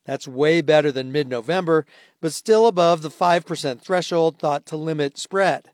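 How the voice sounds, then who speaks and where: A man filing a factual radio health report in a brisk manner. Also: fairly high pitch, no echo, studio quality. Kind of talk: filed radio news report.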